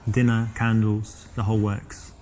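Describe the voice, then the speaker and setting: A man's voice: lowish voice, flat delivery, measured pace, darkish tone, natural voice. A man with an English accent playing a teasing, self-assured flirt in a game. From England. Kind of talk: game dialogue.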